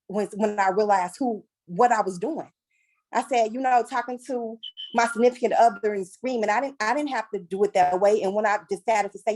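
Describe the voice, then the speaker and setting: A woman on a discussion panel, sharing a personal story in a lively way, laughing often and acting out what people said. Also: fairly high pitch, rough recording. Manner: animated, laughs often, acts out quoted voices. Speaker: panel guest.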